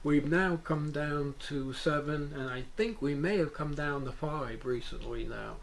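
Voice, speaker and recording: A man's voice: a little high, measured pace, creaky, a little hiss or hum, low-quality recording. A man in an interview telling a long first-person account in an earnest, meandering way with hesitant restarts. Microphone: VHS interview recording.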